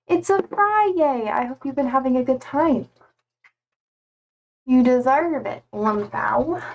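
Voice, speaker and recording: A young adult woman chatting casually on a live stream from home, loose and a little sweary as she greets viewers by name. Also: sits high.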